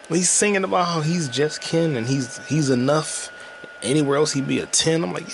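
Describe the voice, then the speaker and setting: A man's voice: on the high side, normal speed, vocal fry, slight background noise. A man hosting a casual solo podcast from home, rambling loosely and swearing, with frequent laughs. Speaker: podcast host. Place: at home with a loud game console nearby.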